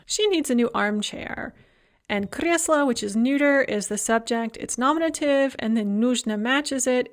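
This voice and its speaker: A woman lecturer teaching a language lesson, explaining grammar step by step and slowing down to enunciate each example phrase. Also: fairly high pitch. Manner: explanatory, repeats key points. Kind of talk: recorded lecture.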